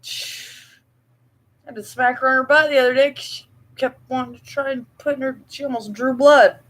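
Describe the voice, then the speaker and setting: A woman's voice: sits high, steady tone, fairly bright tone, rough recording. A woman chatting casually to viewers at home at night, rambling and laughing as she talks. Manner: rambling, laughing, slow and drawn-out. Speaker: vlogger.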